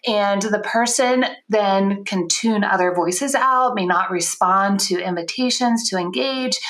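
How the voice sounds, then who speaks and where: A woman's voice: medium pitch, measured pace, a bit bright. A woman podcast co-host who teaches and coaches, talking earnestly and laughing easily. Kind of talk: conversational podcast chat.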